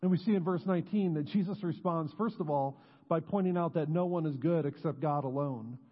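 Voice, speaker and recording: In a church sanctuary, a pastor preaches a sermon earnestly, letting his voice drop low and slow on key words. The sound is muffled and carries long church reverb.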